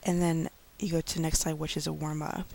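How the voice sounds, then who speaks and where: A woman in her thirties, an online English teacher, giving chatty tips in a casual vlog with many fillers, slowing down to model speech for young learners. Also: sits low, little pitch movement, gravelly, warm tone. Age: 30s.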